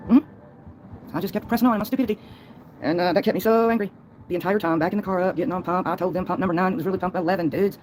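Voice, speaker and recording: A woman's voice: lowish voice, a little mellow, slight background noise, rough recording. A woman livestreaming a long, folksy, rambling monologue, laughing between thoughts.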